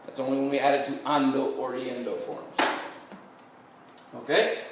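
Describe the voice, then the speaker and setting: A man's voice: mid-range voice, level tone. Man teaching Spanish in an echoey room. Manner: patient step-by-step explaining, models Spanish phrases slowly. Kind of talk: recorded classroom lecture. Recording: very echoey room, mic far off, faint noise.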